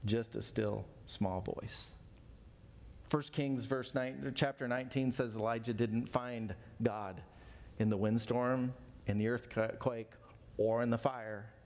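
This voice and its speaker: A man's voice: medium pitch, steady tone, a little slow, a little mellow. A man in his fifties teaching a Bible study in a folksy, conversational way, with self-deprecating asides. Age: 50s.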